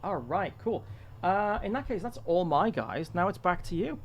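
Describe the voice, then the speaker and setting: A man running a tabletop game, narrating scenes in an unhurried, descriptive way with restarts. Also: high-pitched, big pitch swings, slight background noise. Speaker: game master.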